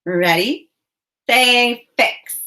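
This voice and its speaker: A woman teacher leading a phonics lesson for young children, speaking clearly and encouragingly. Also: on the high side, sharp tone. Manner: slow, clear, encouraging enunciation.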